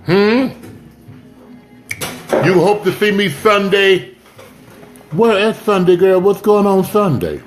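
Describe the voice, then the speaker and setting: A man's voice: high-pitched, animated, slow pace, long pauses, music in the background. A man hosting a casual home livestream, chatting with viewers, greeting them by name and urging them to share. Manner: chatty, shouts out viewers, urges sharing. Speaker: livestream host. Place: home, indoors.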